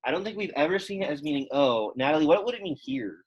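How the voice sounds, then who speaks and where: A young man talks fast and animatedly in a slightly high voice as he teaches Latin grammar in an informal, filler-filled way. His audience is a classroom plus online students, and the recording sounds muffled.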